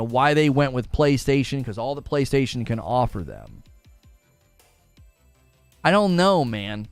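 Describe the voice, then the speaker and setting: Male gaming livestream host, animated and chatty, dry close sound with faint music underneath. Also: on the high side, clean tone, no room sound. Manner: animated, argues both sides, reads chat aloud. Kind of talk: casual live stream commentary.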